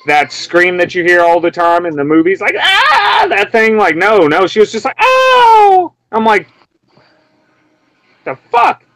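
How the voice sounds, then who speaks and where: A young man from Memphis ranting in a casual, profane way, breaking into high mocking yelps as he acts out what he heard. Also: a bit bright, no room sound, rough recording. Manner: heated, profane, mimics screams in sudden high yelps.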